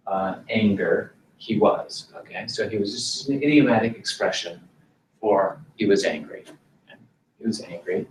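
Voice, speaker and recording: A male teacher leads a Greek class at an unhurried pace, stopping often to check that everyone follows. His voice sits a little low. The recording is roomy and distant, with faint noise in the background. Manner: slow, patient, frequent "okay?" checks. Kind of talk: classroom lesson.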